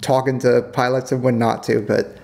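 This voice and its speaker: A man co-hosting a casual podcast, talking about his work as an air controller and jumping up high when he quotes people. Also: normal speed, vocal fry. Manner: animated, jumps up in pitch when quoting. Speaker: podcast co-host, former JTAC.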